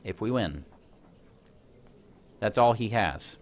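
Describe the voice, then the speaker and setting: A man with a lowish, expressive voice speaks slowly while giving chatty let's play commentary on a strategy game. He's self-deprecating, regularly cracking jokes about himself and laughing at his own blunders.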